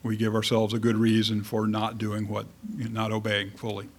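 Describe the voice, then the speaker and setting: A man's voice: lowish voice, monotone, normal speed, breathy edge. Male preacher, conversational sermon, casual, funny, restarts sentences. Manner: casual, self-correcting, lightly humorous.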